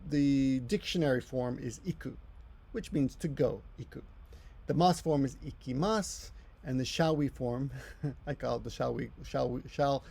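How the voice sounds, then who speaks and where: A man's voice: mid-range voice, creaky, warm tone. A middle-aged man giving a casual language lesson, rambling and correcting himself as he explains. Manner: rambling, self-correcting, chatty asides. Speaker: Japanese language teacher.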